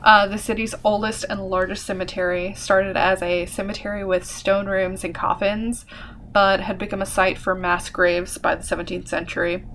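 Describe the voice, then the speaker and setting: A woman's voice: mid-range voice, level tone, moderate pace, a bit bright, slight background noise. A young adult woman co-hosting a podcast, casually telling a history story with lots of fillers and the odd swear word. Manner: chatty, full of fillers and swearing. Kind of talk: casual chat.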